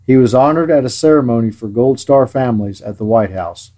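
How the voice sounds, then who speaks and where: A man preaching a scripted sermon in a measured, earnest way, with dry sarcasm at times. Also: mid-range voice, warm tone.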